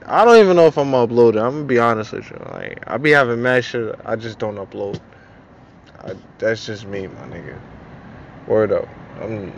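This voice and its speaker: A man's voice: mid-range voice, lo-fi sound, a little hiss or hum. A young man venting in a casual vlog monologue, frustrated and profane, repeating himself. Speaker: vlogger.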